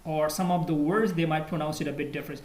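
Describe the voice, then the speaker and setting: A man's voice: a little high, steady tone, quick pace, reverberant, slight background noise, poor audio. A man from Pakistan with a Pakistani accent, teaching English in a casual online lesson, full of fillers and switching into Urdu. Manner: explains with many fillers, mixes in Urdu. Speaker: English tutor.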